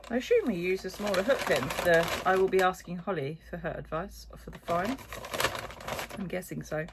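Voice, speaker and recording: A woman's voice: fairly low pitch, normal speed, heavy background noise. A woman chatting casually as she unboxes yarn on her crochet vlog, rambling with lots of little asides. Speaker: crochet vlogger. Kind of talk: casual chat while unboxing.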